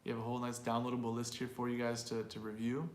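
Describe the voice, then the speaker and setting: A man co-hosting an English pronunciation lesson, repeating example phrases slowly and explaining word stress in a relaxed way. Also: medium pitch. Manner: slow, drawn-out repetition of example phrases. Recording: roomy with faint noise.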